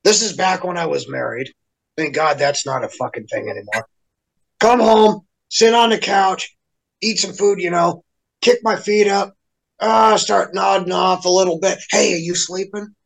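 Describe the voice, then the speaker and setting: A man's voice: sits high, lively intonation, moderate pace, creaky. A man in a casual chat, ranting in an exasperated, heavily profane way. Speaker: guest.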